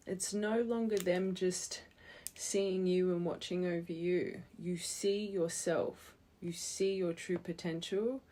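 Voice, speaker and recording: A woman's voice: fairly low pitch, a little mellow. Earnest woman giving a tarot reading. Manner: earnest, encouraging, thinking aloud with fillers. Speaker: tarot reader.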